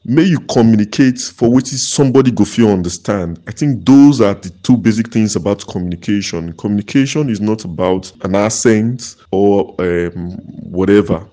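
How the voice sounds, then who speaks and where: Low, mellow Nigerian man. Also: normal speed. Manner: reflective, switches into Nigerian Pidgin. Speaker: listener giving feedback. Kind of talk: casual voice note.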